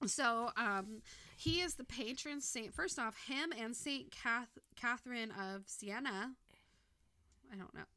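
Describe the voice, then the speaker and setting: Bright chatty Valley girl woman. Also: fairly high pitch, takes it slowly, no echo. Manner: chatty, filler-heavy, swears casually. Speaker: podcast co-host. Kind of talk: casual chat.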